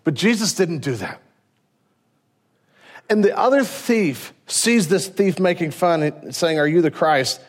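A middle-aged man preaches with earnest conviction to his congregation. His voice sits a little high, drops to a near hush at solemn points and rises again as he presses a point. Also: lively intonation, slow pace, pauses often. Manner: earnest preaching, swinging from hushed to raised. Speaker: pastor. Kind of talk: sermon.

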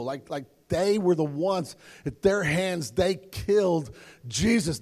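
A man's voice: sits high, animated, takes it slowly, a little mellow, long reverb tail. A man preaching a sermon from a stage microphone in a church, earnest and emphatic, often repeating words as he builds. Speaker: pastor. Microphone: handheld or stage microphone.

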